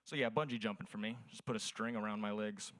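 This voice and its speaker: A man's voice: lowish voice, fairly even intonation, quick pace, a bit bright, no echo. A young man performing a crude stand-up set at an open mic, telling profane stories. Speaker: stand-up comedian.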